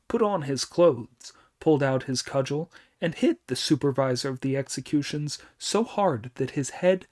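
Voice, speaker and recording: A man reads a classic tale aloud as audiobook narration. His delivery is slow and measured, every phrase given room. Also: medium pitch, darkish tone. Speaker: audiobook reader.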